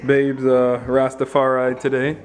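A man's voice: medium pitch, monotone, unhurried, noisy background. A man hosting a casual home vlog, joking around in a playful way and now and then singing along. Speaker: vlog host. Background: gospel music playing faintly.

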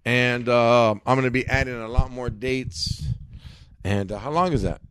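A man's voice: medium pitch, normal speed, fairly bright tone, clear, resonant tone, no echo. A man hosting a comedy podcast, bantering loosely with friends in slang, calling them homie and dog. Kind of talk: casual joking chat with friends.

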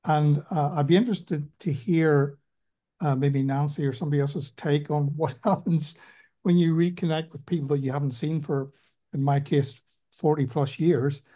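A man's voice: a little high, steady tone, normal speed, mellow. A man with an Ulster Scots accent, a participant on a video call, speaking in a hesitant, reflective way.

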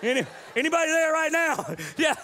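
A man's voice: very high voice, a little fast. A middle-aged man preaching a humorous sermon, joking and calling for amens from the congregation. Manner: animated, joking, call-and-response with congregation. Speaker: pastor. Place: church sanctuary.

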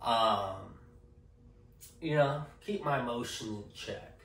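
Slow-talking joking man in an echoey room. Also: medium pitch, fairly bright tone, recorded from a distance. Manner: joking, rambling, says okay a lot. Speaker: vlogger. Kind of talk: casual talk to camera.

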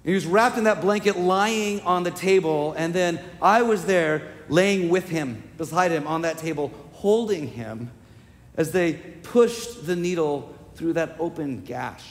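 A male pastor preaching a sermon, telling a personal story with deep emotion and building to emphatic, repeated declarations. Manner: slow, emotional storytelling with swelling emphatic repetition. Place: church sanctuary. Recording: long reverb of a church sanctuary.

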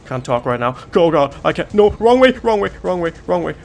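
A man's voice: fairly high pitch, sing-song, brisk, gravelly, noisy background. A man giving let's play commentary, panicking, swearing and joking to himself. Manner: panicky, swearing, jokey self-talk. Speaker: game streamer.

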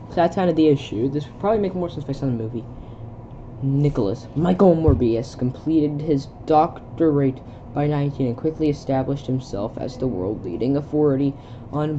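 In a warm, medium-pitched voice, a young adult video creator casually reads a film script aloud, stage directions included, stumbling over words and interrupting to comment in confusion. The audio is dull with a slight hiss or hum.

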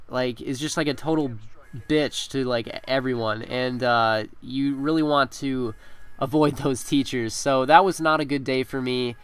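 A man's voice: fairly high pitch, fairly bright tone, smooth, no echo. A young man in his teens, telling a school story in a chatty way with frequent laughs and fillers while commenting on gameplay. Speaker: gaming commentator. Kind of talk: casual storytelling over gameplay.

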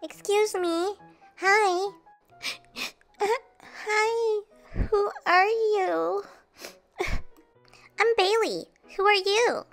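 A woman playing a kind girl doll in a doll play story, soothing and reassuring. The voice is very high and bright, with soft music underneath. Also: very slow, pauses often, heavily acted.

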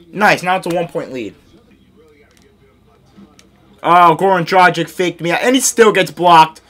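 A young man giving excitable live commentary on his own basketball video game, scolding his teammates and mocking himself. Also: on the high side, moderate pace. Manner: excitable, yells and laughs at big plays. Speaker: gaming YouTuber.

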